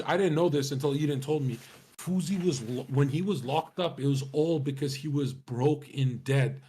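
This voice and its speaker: Young male streamer, raspy, brash and profane, rambling casual chat. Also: mid-range voice, darkish tone. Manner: swaggering, profane, slangy.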